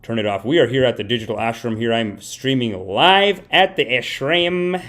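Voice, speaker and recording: In a comedic livestream monologue from a home setup, a male podcast host tells meandering stories with mock sincerity and self-praise. He speaks at normal speed in an expressive, medium-pitched voice with a fairly bright tone.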